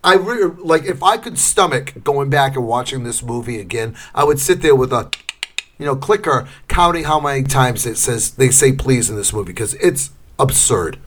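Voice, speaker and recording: A middle-aged man co-hosting a podcast, chatting casually and acting out scenes in loud, shouted bursts. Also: mid-range voice, animated, moderate pace. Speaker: podcast co-host. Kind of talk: casual chat.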